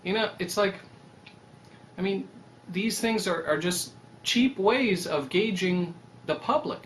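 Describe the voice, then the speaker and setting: A young man talking in a rambling, animated casual monologue, swearing freely and pitching his website idea. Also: slow, slight background noise. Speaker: website creator.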